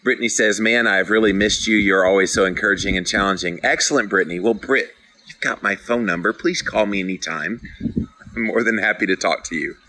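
Bright-toned earnest male podcast host. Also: lowish voice, fairly quick, rough recording. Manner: earnest, encouraging, playfully dramatic. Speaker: podcast host reading live comments. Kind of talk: casual motivational talk.

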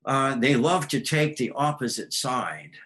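A man's voice: medium pitch, big pitch swings, unhurried, fairly bright tone, poor audio. A man speaking as an astrology guest in casual talk, rambling with frequent ums and acting out voices in his stories. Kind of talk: casual explanatory conversation.

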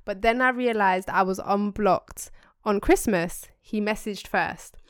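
Young woman, podcast co-host, smooth crisp voice, dry close sound, slangy and animated. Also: medium pitch, no echo. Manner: animated, slangy, quick asides. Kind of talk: casual chat, reading a listener email aloud.

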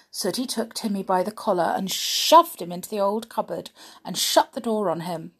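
A woman reading a children's book aloud as a podcast host, slow and deliberate with soft asides. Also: mid-range voice, expressive, husky. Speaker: podcast storyteller.

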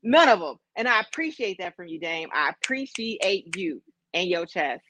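A woman's voice: on the low side, very animated, moderate pace, sharp tone, no room sound. A woman from Chicago co-hosting a casual chat, candid and profane, laughing through her stories. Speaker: podcast co-host.

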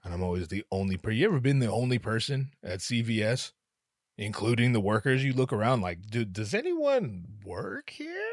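A man's voice: fairly low pitch, fairly quick, no echo, clean studio sound. A man hosting a podcast, cracking jokes in a casual monologue full of swearing and sudden put-on voices. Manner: profane, joking, slips into voices. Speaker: podcast host.

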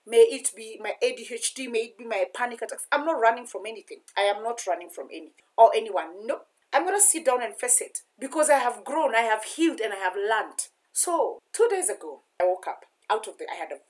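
Young woman, slightly high voice, earnest confessional vlogger who repeats affirmations to herself. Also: expressive, fairly quick, hardly any pauses, a little mellow. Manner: earnest, repetitive self-affirmations. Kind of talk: personal confessional vlog.

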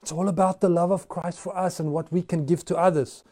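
High, mellow-voiced male pastor preaching. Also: little pitch movement, a little fast. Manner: conversational storytelling preaching with frequent restarts. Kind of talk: sermon.

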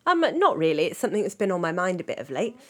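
A woman's voice: on the low side, sing-song, racing. A woman co-hosting a casual podcast chat, teasing her co-host, laughing often and saying "like" a lot.

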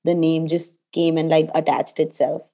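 A woman's voice: low-pitched, level tone, normal speed, dark tone. A woman interviewing a guest in casual chat, asking rambling questions full of fillers and encouraging replies.

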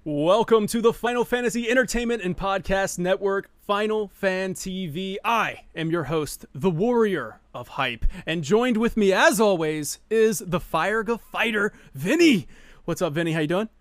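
A man's voice: sits high, animated, normal speed, no room sound. A man hosting a live podcast in casual chat, hyped and laughing often, restarting his sentences. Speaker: podcast host.

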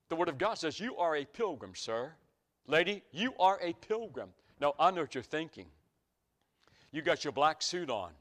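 A man's voice: fairly high pitch, a bit bright. A middle-aged man, preaching a sermon with folksy stories that climb to emphatic peaks.

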